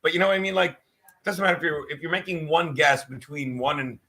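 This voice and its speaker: A man tells stories in loose, profane banter, often mocking himself. His voice sits a little high and rings bright. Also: fast talker, no room sound. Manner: profane, rambling and self-mocking. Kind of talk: crude comedic banter.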